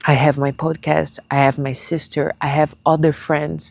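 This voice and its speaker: A young woman talking to her viewers in a tearful personal vlog, halting and searching for words in English, which is not her first language. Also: low voice, little pitch movement, vocal fry, darkish tone, no echo. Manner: confiding, speaks straight to viewers. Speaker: vlogger.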